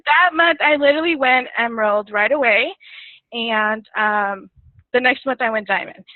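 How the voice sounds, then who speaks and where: A woman's voice: fairly high pitch, moderate pace, dry recording. A woman guest telling her story in a casual interview, chatty, laughing often and getting emotional. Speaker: guest distributor. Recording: tinny phone line, dry.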